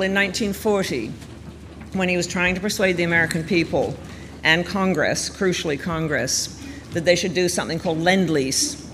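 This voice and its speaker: Male speaker with a slightly raised pitch for thoughtful history commentary, recorded with a lingering room echo. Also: a bit bright. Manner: thoughtful, measured, conversational storytelling. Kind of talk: explanatory history talk. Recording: reverberant room with faint background noise.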